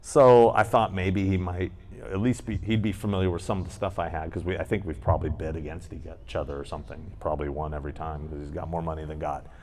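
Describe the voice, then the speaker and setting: A man's voice: deep voice, steady tone, fast talker, hardly any pauses, darkish tone, a little hiss or hum. A man co-hosting a podcast recorded live on a convention panel, telling a rambling, profane story and acting out the people in it. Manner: rambling, profane anecdotes with acted-out quotes. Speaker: podcast co-host.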